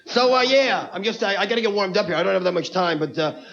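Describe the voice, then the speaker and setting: A man's voice: sits high, animated, vocal fry, a bit bright. A man doing a brash, ranting stand-up comedy set on stage before a live audience. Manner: brash, rapid-fire, ranting. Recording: lo-fi TV broadcast with audience.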